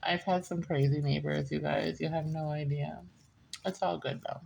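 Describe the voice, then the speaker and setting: A woman's voice: low-pitched, fairly even intonation, moderate pace, vocal fry, darkish tone. A woman giving a casual, rambling reading, often laughing and drifting into side stories. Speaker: tarot reader. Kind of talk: casual chatty reading monologue.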